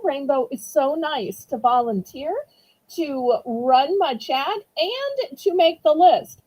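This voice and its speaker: A woman's voice: high voice, poor audio. A woman with a Southern US accent hosting a live auction stream, chatty and explaining how bidding works. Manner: chatty, warm explanations with laughs. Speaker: auction host.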